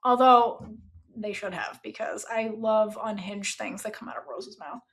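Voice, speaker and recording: A woman hosting a casual book review podcast, chatty and expressive, swearing freely as she talks. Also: medium pitch, measured pace. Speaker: book club podcast host.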